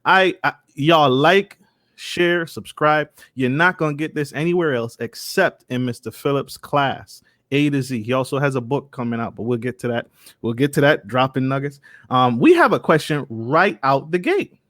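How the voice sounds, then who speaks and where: A male podcast host speaks with eager enthusiasm and keeps turning to the listeners to stress each point. His middle-pitched voice sounds dry and close to the mic, with no room echo. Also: animated, normal speed, a bit bright. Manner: enthusiastic, repeats key points to the audience. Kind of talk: interview podcast.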